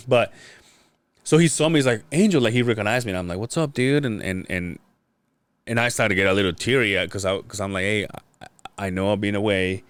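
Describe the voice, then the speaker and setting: A man's voice: lowish voice, fairly quick, clean tone, no room sound. A man hosting a casual podcast, telling a long story with many stops and restarts. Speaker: podcast host.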